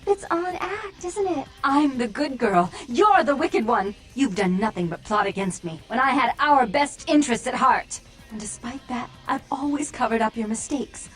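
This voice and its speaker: A woman's voice: high voice, lively intonation, normal speed, fairly bright tone, faint music behind. A woman voicing an unstable young vampire woman in a video game, with a theatrical, teasing and menacing delivery. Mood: quarrelsome.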